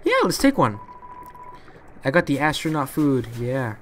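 A man doing live commentary as he plays a video game, excitable and talking to himself. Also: mid-range voice, measured pace, pauses often, a little hiss or hum. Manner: excitable, talks to himself while playing. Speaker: let's play gamer.

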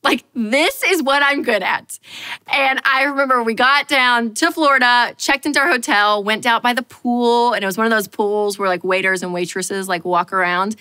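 A woman giving a personal finance talk, telling a story in an animated, playful way and repeating lines for effect. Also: mid-range voice, moderate pace.

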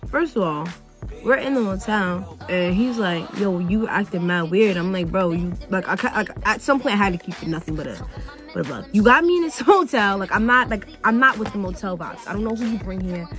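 Animated young woman telling a storytime. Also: mid-range voice, a little fast, faint music behind. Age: young adult. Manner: animated, dramatic retelling with quoted voices; casual slangy talk. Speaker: vlogger. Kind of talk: storytime while getting ready.

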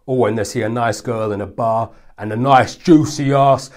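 A man doing stand-up comedy at a middling pitch, delivering his jokes with dry, mock-serious sarcasm. His tone stays pointedly ironic. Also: normal speed, few pauses.

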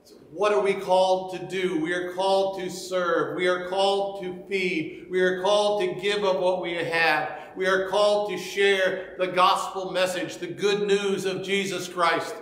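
A man's voice: sits high, fairly even intonation, unhurried, hardly any pauses, fairly bright tone, roomy sound, long reverb tail, poor audio. A man preaching a sermon as pastor, earnestly retelling scripture and urging his listeners.

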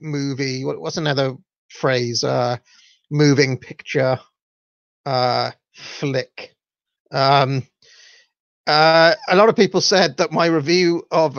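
A Welsh man with a fairly high-pitched voice and vocal fry, captured in a dry recording with the highs cut off. Hosting his own podcast as a casual solo livestream, he rambles casually, full of fillers and self-deprecating asides.

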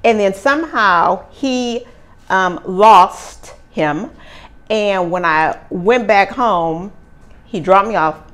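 Animated woman telling stories. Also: medium pitch, takes it slowly. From Oakland, California. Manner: animated, acts out quoted dialogue, laughs often. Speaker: interview guest. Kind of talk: casual storytelling interview.

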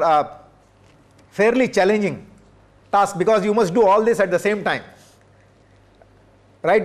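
A middle-aged man lectures a workshop with a noticeably high-pitched voice. His delivery is measured and broken up with "uh" fillers. He keeps checking in with his listeners through quick tag questions. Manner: measured, checks in with "right?" and "okay?"; frequent hesitation fillers. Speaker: professor.

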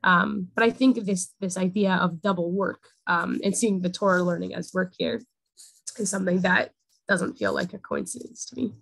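Young woman teaching, slightly gravelly voice. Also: lowish voice, normal speed, a bit bright, no echo, poor audio. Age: young adult. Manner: conversational, many "um" and "like" fillers. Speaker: teacher of a Torah portion class. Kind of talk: casual classroom teaching.

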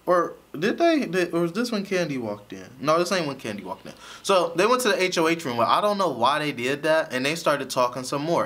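A man's voice: a little high, pushed and bright. A man giving a casual, chatty recap of a TV episode, often laughing as he tells it. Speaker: show reviewer.

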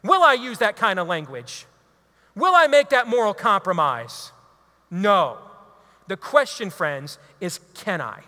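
A high, bright-toned man delivers a fervent talk to a live audience, pressing his points like a preacher. His voice rings out with a long reverb that trails each line. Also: very animated, measured pace, long pauses. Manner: preachy, emphatic, builds to loud exhortations. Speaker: radio talk show host giving a talk. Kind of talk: impassioned speech to a live audience.

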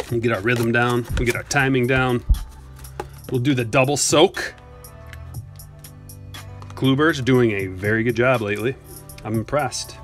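Man, casual live-stream chatter, jokey, answers chat, faint music behind. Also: medium pitch. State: a little out of breath. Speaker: card break streamer.

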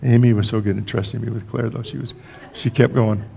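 A man's voice: fairly low pitch, fairly even intonation, a little fast, gravelly, dark tone. An older man preaching as a pastor, telling stories in a folksy way with joking asides and frequent restarts. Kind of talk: storytelling sermon. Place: church sanctuary.

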